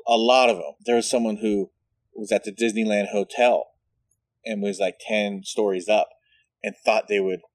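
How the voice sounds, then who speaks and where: A man's voice: lowish voice, steady tone, moderate pace, no echo. A man telling rambling, profane family stories in casual chat, laughing at his own jokes.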